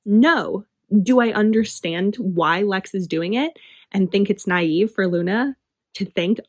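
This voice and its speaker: A woman's voice: medium pitch, slow, no echo. A woman talking passionately and emphatically in a casual book review vlog, with frequent fillers. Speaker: book vlogger.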